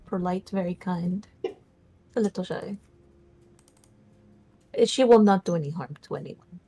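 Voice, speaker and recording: A woman's voice: medium pitch, mellow, breathy edge. A woman playing in a tabletop game, speaking hesitantly with many fillers. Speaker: player. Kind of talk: casual tabletop role-play.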